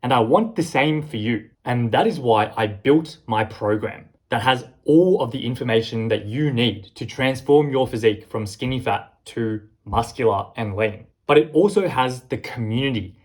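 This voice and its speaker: A young man coaching fitness in a blunt, lecturing way, speaking straight to the camera. His pitch sits at an ordinary middle level for a man. He pushes his point firmly and without softening it. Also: normal speed, few pauses. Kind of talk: direct-to-camera motivational talk.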